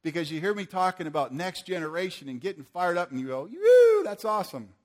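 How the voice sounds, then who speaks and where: A man's voice: a little high, fast. An older man preaching a sermon to a church audience, earnest and asking the room questions.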